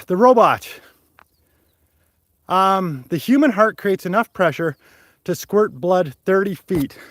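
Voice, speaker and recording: A Canadian hiking vlogger with a high, fairly bright voice livestreams while climbing a mountain trail, rambling, laughing and short of breath. He talks into a phone held at arm's length, with no room sound.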